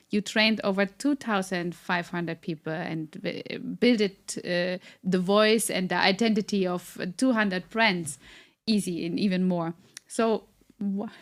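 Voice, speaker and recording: A woman hosting an interview, speaking as a with many fillers and pauses. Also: fairly low pitch. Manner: hesitant, many fillers, nonnative phrasing. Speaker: interview host, communication trainer. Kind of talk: podcast interview.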